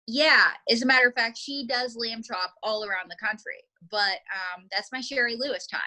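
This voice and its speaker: Ventriloquist woman, higher bright voice, upbeat coaching, quick asides. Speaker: ventriloquist teacher.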